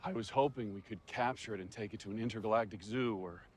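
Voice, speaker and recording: An actor playing a mild, soft-hearted man on a superhero team who speaks in a soft, reasonable way. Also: on the low side, fast, a little hiss or hum, close to an everyday voice. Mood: pleading.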